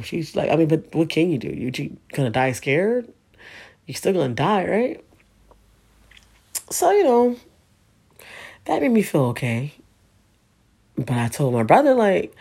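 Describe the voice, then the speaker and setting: Gravelly, husky woman telling a story. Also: low voice, darkish tone. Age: 30s. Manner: emotional, profane, rambling with many fillers. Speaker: vlogger. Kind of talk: personal storytelling monologue.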